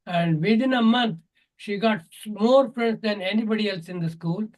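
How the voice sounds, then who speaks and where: A man's voice: high-pitched, moderate pace, rough recording. An older man with an Indian English accent, a natural health teacher telling stories earnestly and acting out the dialogue. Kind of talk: storytelling advice in an online Q&A.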